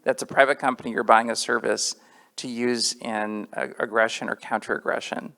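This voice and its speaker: A man's voice: medium pitch, steady tone, moderate pace, vocal fry, sharp tone, big-room sound. A man moderating a panel, asking questions with many hesitations. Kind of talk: panel discussion.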